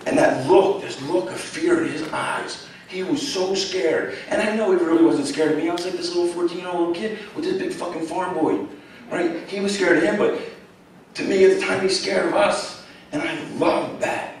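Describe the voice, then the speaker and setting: A man's voice: high voice, brisk, slight background noise. A man, telling blunt, profane stories to students with laughs along the way. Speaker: guest speaker. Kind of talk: storytelling talk to students. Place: college lecture hall. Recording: echoey hall, distant mic.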